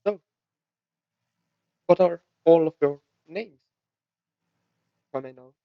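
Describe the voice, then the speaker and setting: Guy doing a soft-spoken friendly alien lady, dry dull mic. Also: a little high, slow, no room sound. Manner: soft-spoken, cheerful and polite.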